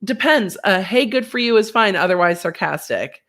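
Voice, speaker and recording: With a medium-pitched voice and a moderate pace, a woman runs a casual livestream, chatting in an animated way and reading viewers' comments out loud. A sinus infection has her sounding a bit unwell.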